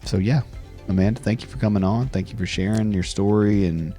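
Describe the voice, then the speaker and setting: A man's voice: lowish voice, fairly even intonation, brisk, dark tone, faint music behind. A man hosting a conversational interview, reflective and often repeating words as he thinks. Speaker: podcast host.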